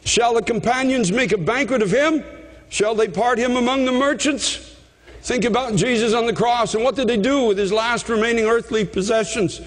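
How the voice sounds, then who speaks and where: A man preaching a fervent sermon, often repeating himself and rising to shouts. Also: very high-pitched, moderate pace, long reverb tail.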